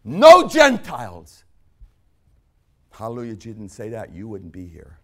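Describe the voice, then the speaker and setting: A male pastor preaching a sermon, moving from quiet, low asides up to loud, shouted peaks. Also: fast.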